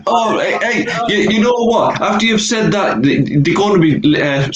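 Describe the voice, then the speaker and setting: A man's voice: high voice, lively intonation, moderate pace. A man hosting a casual interview who teases his guests and asks about singers. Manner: teasing, joking. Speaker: podcast host. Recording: roomy with faint noise.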